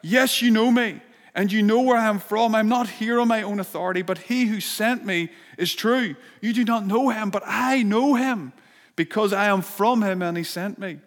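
A man's voice: high voice, moderate pace, close to an everyday voice. A man preaching, voicing Jesus as he cries out with loving urgency in an impassioned, pleading way. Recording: long hall reverb.

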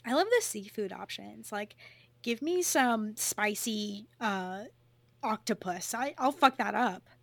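A woman with a Californian accent co-hosting a podcast, chatting in a bubbly, expressive way and swearing freely. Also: mid-range voice, slow pace, vocal fry, no room sound. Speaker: podcast co-host. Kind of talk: casual podcast chat.

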